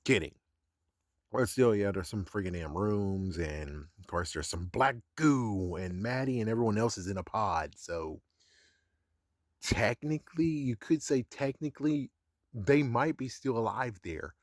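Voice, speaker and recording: Dude recapping a show episode, laughs a lot, kinda sarcastic, swears, dry close sound. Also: male voice, fairly low pitch, unhurried, no echo. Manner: chuckling, sarcastic, swears casually.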